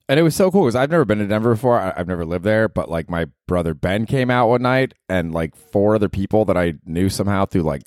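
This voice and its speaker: Laid-back, deep-voiced guy cracking up. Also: a little mellow, no echo, clean studio sound. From United States. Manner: loose, profane, laughing, says dude a lot. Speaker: podcast host and stand-up comedian. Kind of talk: casual solo podcast storytelling.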